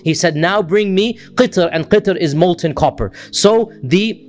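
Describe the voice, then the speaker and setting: A man's voice: high voice, a little slow, a little mellow. A man lecturing on Quran commentary, patiently explaining Arabic words and checking in with his listeners. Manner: shifts into chanted Arabic verse recitation. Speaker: Islamic lecturer.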